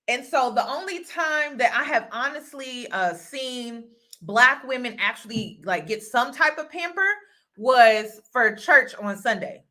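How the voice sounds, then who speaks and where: A woman from the United States talks straight to her viewers in a casual vlog monologue, her voice slightly high and very bright. She speaks earnestly and circles back to repeat her key phrases for emphasis. The tone stays close and conversational. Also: animated, unhurried. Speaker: host and mentor.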